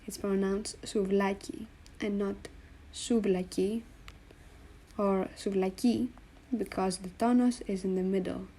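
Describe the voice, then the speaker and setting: With a steady, dark, medium-pitched voice, a woman walks a learner through Greek letter combinations on a board. She takes her time, patiently spelling out each sound and then repeating it.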